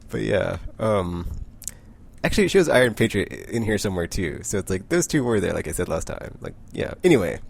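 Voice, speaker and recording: A man's voice: lowish voice, very animated, fairly quick, vocal fry, husky. A man casually recapping a comic book, rambling with lots of "like" and frequent self-corrections.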